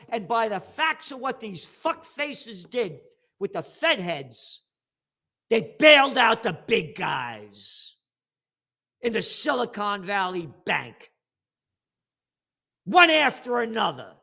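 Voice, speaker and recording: A man's voice: sits high, sing-song, unhurried, vocal fry, a bit bright. Combative profane man in his seventies, New York accent. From United States. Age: 70s. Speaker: host. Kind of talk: commentary monologue.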